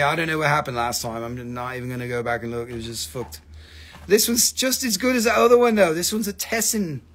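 On a live stream selling minerals, a man with a gravelly, fairly bright voice on the high side rambles, jokes, and swears freely in casual sales chat.

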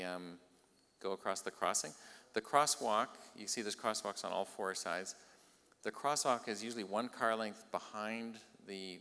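A man's voice: fairly low pitch, sharp tone. A man presenting a town plan at a public meeting, explaining patiently with fillers and restarts. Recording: long reverb of a public hall.

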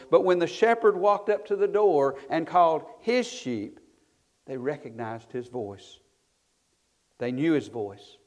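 A man's voice: fairly high pitch, darkish tone. A male pastor preaching a sermon with emphatic rises and falls, reading scripture aloud in old-style wording. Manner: emphatic preaching, voice swelling then falling off at phrase ends.

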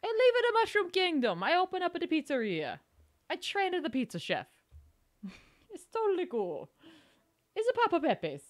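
A woman doing a deliberately bad impression of a retired old plumber who now runs a pizzeria, jokey and reassuring. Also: very high-pitched, wildly swooping pitch, pitched above the performer's own voice, heavily acted. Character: retired old male plumber turned pizza chef.

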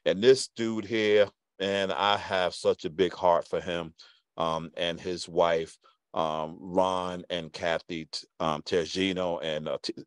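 A man from Brooklyn hosting a podcast, chatting casually with a guest in a relaxed way, with lots of fillers. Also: deep voice, takes it slowly, smooth, no echo. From Brooklyn, New York. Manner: relaxed, warm storytelling with many fillers. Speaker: podcast host. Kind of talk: casual interview chat.

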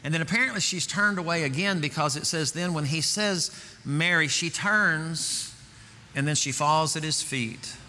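A man's voice: on the high side, moderate pace, pushed and bright. A man preaching a sermon as pastor, earnest, repeating phrases as he builds to fervent emphasis. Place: church sanctuary. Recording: reverberant church hall, faint ambience.

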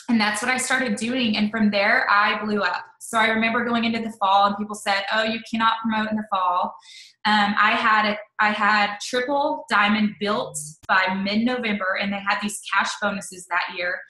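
Bright, chatty woman in an echoey room. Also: medium pitch, normal speed. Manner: chatty, animated, full of "like" and quoted asides. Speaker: network marketing leader, interview guest. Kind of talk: personal storytelling in an interview.

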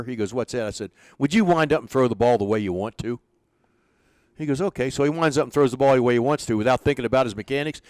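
An older man spins stories from his coaching years, slipping into the voices of the people he quotes. His pitch sits in the middle for a man, and the sound is dry and close with little room around it. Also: dry recording. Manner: animated storyteller, acts out quoted dialogue. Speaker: former pitching coach, interview guest. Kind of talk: storytelling in an interview.

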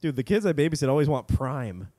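A young man co-hosting a comedy podcast, answering with quick teasing one-liners. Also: medium pitch, very animated, mellow. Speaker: podcast co-host. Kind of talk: casual comedic chat.

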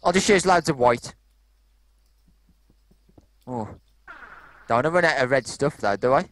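Lively laid-back man gaming. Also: medium pitch, measured pace, no room sound. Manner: relaxed, laughs easily, calls friend dude. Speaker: gamer co-host. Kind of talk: casual gameplay chat.

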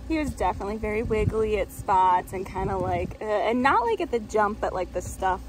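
A woman's voice: mid-range voice, animated, a little fast, rough recording. A young woman rider vlogging in a chatty, rambling way, full of "like" fillers. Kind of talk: casual vlog chat. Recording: loud background noise.

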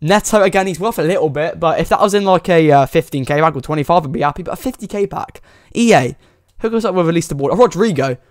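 A young man giving excitable, pleading commentary while opening game packs, full of exclamations and slang. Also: a little high, quick pace, no echo, clean studio sound. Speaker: gaming YouTuber.

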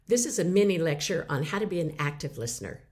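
A middle-aged woman giving a lively mini lecture on listening, acting out example replies. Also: low voice, fast.

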